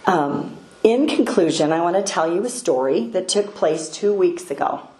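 An older woman giving a devotional talk, unhurried and hesitant, pausing often. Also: lowish voice, lively intonation, darkish tone. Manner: unhurried, hesitant, many pauses. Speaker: speaker sharing a devotional story. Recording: echoey room, faint ambient noise.

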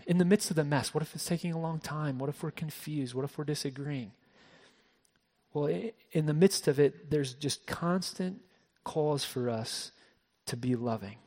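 A man preaching a sermon as pastor, shifting between soft hushed passages and raised emphatic ones, often repeating words as he restarts. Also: on the high side, in a large hall. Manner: frequent word repeats and restarts.

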